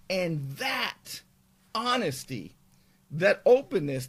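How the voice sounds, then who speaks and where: Man, talk show host, opinionated commentary, argumentative, animated pitch. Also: slightly rough. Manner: argumentative, emphatic, restarts mid-thought.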